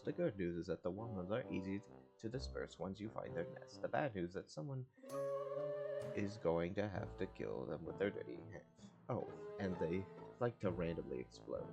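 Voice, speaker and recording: A man's voice: lowish voice, creaky. A man reading the game's text aloud as he plays, stumbling and restarting over words. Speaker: gamer. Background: game music.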